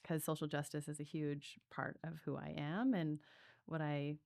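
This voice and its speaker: A woman's voice: low voice, flat delivery, normal speed, vocal fry, darkish tone, no room sound, studio quality. A woman breathwork coach telling her story in a podcast interview, earnest and reflective, with many fillers.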